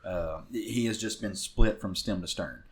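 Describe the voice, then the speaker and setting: A man's voice: fairly low pitch, measured pace. A man with a Southern US accent co-hosting a podcast, recapping a comic book in a rambling casual way with many fillers and restarts. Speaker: podcast co-host.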